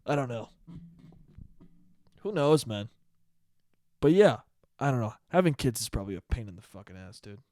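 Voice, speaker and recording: A man's voice: medium pitch, very animated, normal speed, long pauses, a little mellow, no room sound, studio quality. A man in his twenties hosting a casual solo podcast, rambling through stories, swearing freely and laughing at his own jokes. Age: 20s. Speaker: podcast host.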